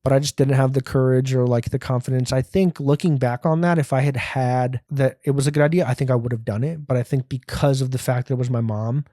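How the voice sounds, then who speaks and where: A man's voice: medium pitch, fairly even intonation, fast, few pauses, mellow, dry recording, clean studio sound. A man, a comedian hosting his own podcast, rambling through a profane, self-mocking solo rant.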